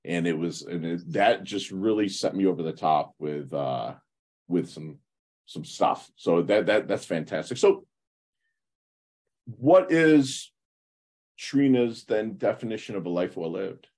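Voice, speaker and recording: Casting note: motivational podcast host, man, very low and husky, effusive. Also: expressive, a little slow, darkish tone. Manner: enthusiastic, effusive praise, motivational. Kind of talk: podcast interview.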